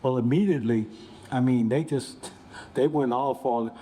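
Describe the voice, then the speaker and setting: A man in his seventies, a bishop on a panel, telling a story in an unhurried, reflective way. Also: medium pitch, dark tone, husky. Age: 70s. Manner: unhurried, reflective, acts out quoted voices.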